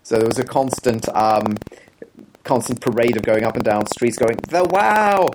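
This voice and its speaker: A man co-hosting a podcast, chatting casually with dry, deadpan humor. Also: fairly low pitch, moderate pace, background noise. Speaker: podcast co-host. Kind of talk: casual chat.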